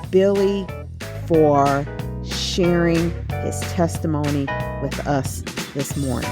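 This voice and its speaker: A woman hosting an inspirational radio show, measured and reflective. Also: low voice. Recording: music bed under the voice.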